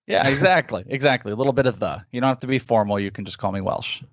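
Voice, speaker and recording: A man's voice: mid-range voice, quick pace, vocal fry, dry recording, lo-fi sound. Enthusiastic rambling analyst man, dry sound. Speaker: podcast guest and draft analyst. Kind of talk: casual interview answers.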